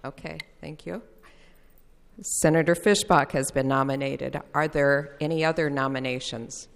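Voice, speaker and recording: A woman presiding over a legislative session, reading procedural calls in a brisk, formal manner. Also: low voice, fairly even intonation, vocal fry, clear, resonant tone. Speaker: presiding officer. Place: legislative chamber. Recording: echoey chamber reverb.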